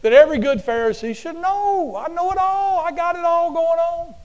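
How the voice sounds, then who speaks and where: Smug bragging scholar type, fairly high voice, as a preacher puts him on. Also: male voice, moderate pace. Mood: boastful. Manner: bragging, self-satisfied. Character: boastful proud male religious scholar.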